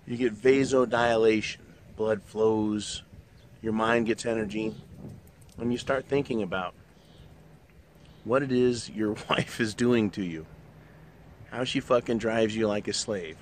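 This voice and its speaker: A man's voice: on the low side, takes it slowly, long pauses, a little hiss or hum. A middle-aged man hosting his own show, delivering a blunt, profanity-laced monologue in a ranting manner. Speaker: show host. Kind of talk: opinionated monologue.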